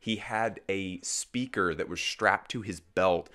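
A man's voice: low voice, takes it slowly. A man telling funny stories about shopping in a casual, chatty way, often laughing and acting out what people said. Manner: chatty, heavy use of "like" fillers, laughs often; animated, acts out quoted voices. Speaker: fashion commentator host. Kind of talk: casual anecdotal storytelling.

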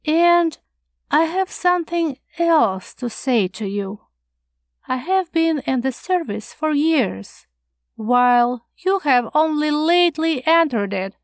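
A woman's voice: on the high side, no echo, studio quality. A woman reading the part of an anxious, prim older male schoolmaster who frets and lectures in a scandalized tone.

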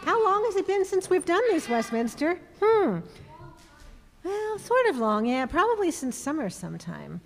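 A woman's voice: very high voice, big pitch swings, normal speed. A woman giving a playful children's message in church, chatting with a puppet friend. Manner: playful, sing-song talk to children. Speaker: children's sermon leader. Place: church sanctuary. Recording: long church reverb.

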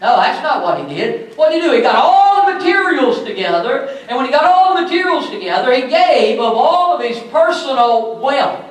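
A man pastor preaching a sermon in a church, building to loud emphatic bursts. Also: extremely high pitch, very animated, moderate pace, hardly any pauses. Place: church sanctuary. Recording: very echoey church from far off.

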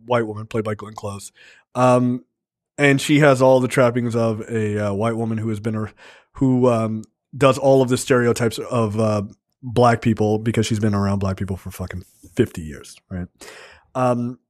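A man's voice: medium pitch, dry recording, clean studio sound. A man co-hosting a casual movie review podcast, recapping scenes in a rambling, profane way with many filler ums. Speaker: podcast co-host.

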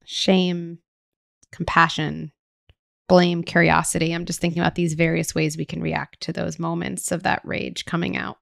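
A woman podcast host and psychologist, measured and affirming as she explains ideas to her guest. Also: on the low side, little pitch movement, vocal fry, fairly bright tone, no echo, clean studio sound. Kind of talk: podcast interview.

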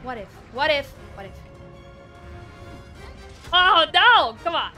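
A woman streamer reacting to a game she is playing, full of excitable yelps, exclamations and giggles. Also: high voice, takes it slowly, soft background music. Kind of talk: live gameplay commentary.

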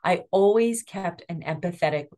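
A woman's voice: fairly low pitch, normal speed, mellow. A middle-aged woman educator speaking earnestly and with empathy in an interview about guiding children. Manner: earnest, empathetic, demonstrates tones of voice. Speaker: school educator and guest. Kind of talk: interview conversation.

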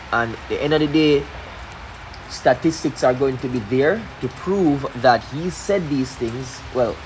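A man giving explanatory sports commentary, measured and step by step. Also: mid-range voice, a little hiss or hum. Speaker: sports analyst.

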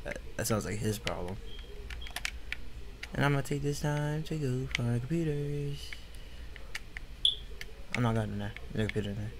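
A man's voice: medium pitch, normal speed, long pauses, background noise. A man giving casual, grumbling commentary over his own gameplay, slangy and easily frustrated. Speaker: gaming YouTuber.

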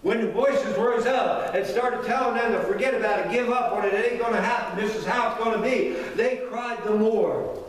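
A man's voice: sits high, moderate pace, slight background noise. A man preaching a sermon, fervent and repetitive, building with rhetorical questions. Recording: echoey hall, mic from far off.

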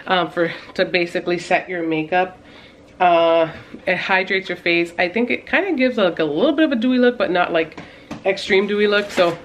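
Her voice on the low side with slight background noise, a woman in her thirties who vlogs as a mom talks casually to her viewers. She's out of breath, rambling along with many fillers and small laughs.

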